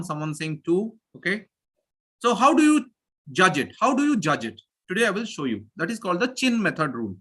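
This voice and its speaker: A man teaching pronunciation in a live online class, energetic and repeating phrases as he drills his students. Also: high voice. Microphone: video call.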